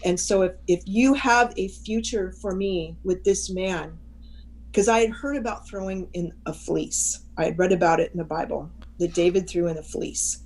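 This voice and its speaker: A woman's voice: lowish voice, fairly even intonation, normal speed, darkish tone, low-quality recording. An older woman, a chaplain and interview guest, telling a personal story with animation and frequent restarts.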